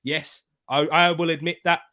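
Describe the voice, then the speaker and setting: A man's voice: a little high, flat delivery, normal speed, sharp tone. A young man hosting a live football watchalong, chatting casually, bantering with viewers and laughing often. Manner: bantering, laughs often, reads chat comments aloud. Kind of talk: casual live-stream chat.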